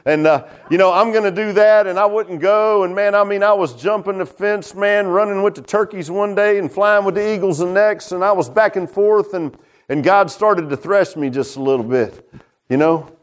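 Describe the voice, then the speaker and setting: Folksy high-voiced preacher man. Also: normal speed. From Virginia. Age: middle-aged. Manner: folksy, repeats "man" and "huh?"; swings from loud preaching to hushed low tones. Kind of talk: testimony sermon.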